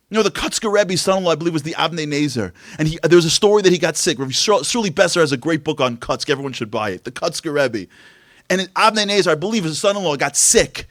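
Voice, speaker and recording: A man giving a religious motivational talk, telling stories in an animated way and acting out voices. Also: a little high, quick pace, no room sound, clean studio sound. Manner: animated storytelling, acts out voices. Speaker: speaker.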